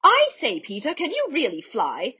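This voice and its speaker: A woman doing an excited proper schoolboy. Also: high-pitched, normal speed, husky, lo-fi sound, full character voice.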